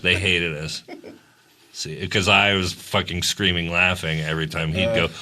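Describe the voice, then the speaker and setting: A man's voice: low voice, level tone, moderate pace, pushed and bright. A man in casual chat with friends who laughs often, swears freely and tells stories with animation. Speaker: podcast co-host.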